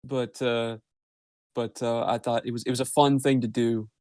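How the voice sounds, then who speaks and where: A man's voice: mid-range voice, level tone, moderate pace, a little mellow, no echo, clean studio sound. A man as a podcast guest, joking dryly and laughing along in casual chat.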